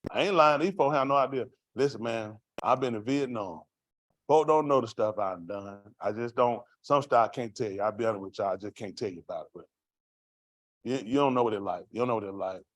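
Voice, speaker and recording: Here the man's voice is mid-range and a little fast, with no room sound. He shares a street-life testimony with a congregation in raw, plain vernacular, posing rhetorical questions to the room along the way.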